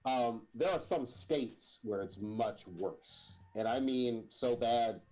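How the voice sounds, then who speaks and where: A man co-hosting a casual livestream podcast, speaking in a measured, wry way with chuckles. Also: medium pitch, a little mellow, low-quality recording. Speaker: podcast co-host.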